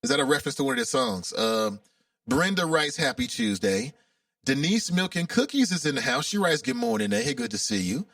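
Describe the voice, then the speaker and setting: Animated guy hosting a call-in radio show, gravelly edge, dry sound a bit off-mic. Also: a little high, fairly quick, dry recording, recorded from a distance. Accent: Cincinnati, Ohio. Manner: emotional, chatty, animated. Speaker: radio talk show host. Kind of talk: casual call-in talk show.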